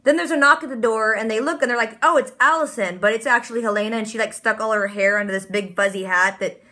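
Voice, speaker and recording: Woman, bubbly episode recap, bright forceful tone, slightly high voice. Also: fast. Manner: animated, bubbly, constant "like" quoting. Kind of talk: casual reaction recap.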